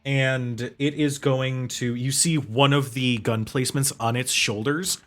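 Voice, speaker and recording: Slow-talking man running a game. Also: mid-range voice, fairly even intonation, a bit bright. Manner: casual, laughs often, hesitant fillers. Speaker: game master. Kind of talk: narrating a tabletop game.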